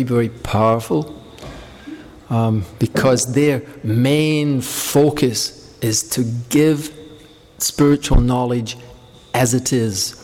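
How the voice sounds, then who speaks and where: This man's voice sits at medium pitch and echoes as if in a large space. Guiding a devotional gathering, he keeps things informal, and his storytelling is warm, anecdotal and wandering between questions.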